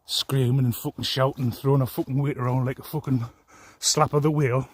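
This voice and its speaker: Husky man on a profane angry rant. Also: mid-range voice, flat delivery, brisk. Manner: profane, aggrieved, rambling. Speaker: vlogger.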